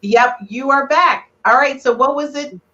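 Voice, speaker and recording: A woman's voice: high-pitched, a little slow, bright, forceful tone, highs cut off. A woman hosting a live relationship podcast, teasing her guests and getting emotional. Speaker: podcast host.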